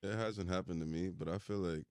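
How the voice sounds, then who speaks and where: A man's voice: sits low, fairly quick, darkish tone, no room sound, studio quality. A young man co-hosting a podcast in laid-back, slangy talk that trails off into mumbles. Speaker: podcast co-host. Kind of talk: casual chat.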